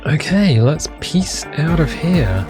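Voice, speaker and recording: A man's voice: on the high side, very animated, slow. A man giving casual gameplay commentary, thinking aloud with hesitant fillers. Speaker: let's play host. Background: game music.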